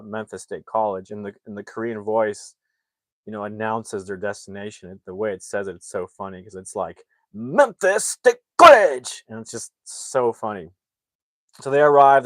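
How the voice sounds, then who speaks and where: Low-voiced man rambling through a plot. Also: no room sound. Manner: rambling, with many fillers and restarts. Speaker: film reviewer. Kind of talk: casual plot retelling.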